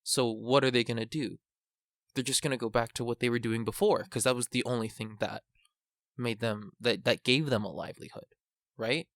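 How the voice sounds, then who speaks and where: A man's voice: mid-range voice, fairly even intonation, normal speed, creaky, fairly bright tone, dry recording, clean studio sound. A man co-hosting a podcast, explaining his points earnestly in casual talk. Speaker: podcast co-host.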